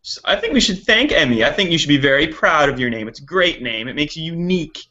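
A man's voice: on the high side, lively intonation, fast talker, sharp tone, muffled recording. A man from Canada, a guest on a talk show, chatting casually and self-deprecatingly with lots of fillers. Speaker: guest, gaming website founder. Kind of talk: casual chat.

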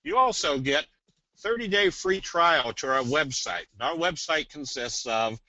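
A man presenting a trading webinar in a casual, folksy way, slipping in jokes and a sales pitch. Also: animated, measured pace, sharp tone, no echo. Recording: dull, dry webinar audio.

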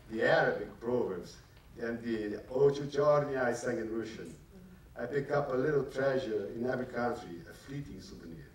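A man reading his own novel aloud to a live audience at a measured, careful pace, speaking English as a second language. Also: medium pitch. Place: large library hall at a public event. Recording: echoey hall, distant mic, faint noise.

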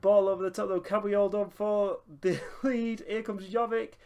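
A young man giving excitable running commentary over a football management game, breaking into laughter and shouts. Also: high-pitched, normal speed, clean tone, highs cut off. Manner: excitable, bursts into shouting and laughter at big moments. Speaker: gaming YouTuber.

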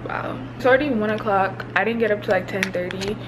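A woman's voice: medium pitch, fast talker, background noise. A young woman in her twenties chatting casually to her camera in a hotel room, upbeat and laughing often. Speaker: vlogger. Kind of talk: casual vlog chat to camera. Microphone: handheld phone or camera.

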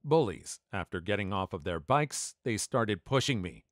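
A man doing scripted story narration in an animated way, acting out the dialogue. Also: fairly low pitch, moderate pace, few pauses, dry recording, clean studio sound.

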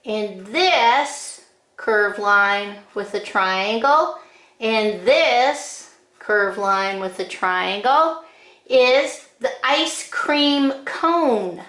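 A woman giving a drawing lesson, calling out short steps one at a time in a slow, patient way. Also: medium pitch, animated, fairly bright tone, reverberant. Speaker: drawing teacher. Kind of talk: step-by-step drawing instruction.

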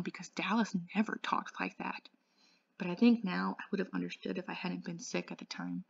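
A woman reading a novel aloud as an English tutor, measured and even. Her voice is low with a gravelly fry. The recording is dry and dull. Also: no echo.

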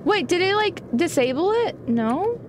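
A young woman doing live gameplay commentary, bubbly and easily startled as she talks to her viewers. Her voice sits high and swings widely in pitch, and she takes her time between lines. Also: unhurried, a little hiss or hum. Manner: excitable, gasping and giggling, chatting to viewers. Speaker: gaming streamer.

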